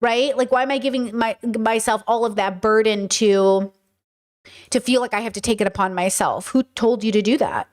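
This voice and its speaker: A blunt female streamer and host with a slightly high voice delivers casual, opinionated commentary. She speaks emphatically at a moderate pace in a steady tone, repeating her point until it sticks.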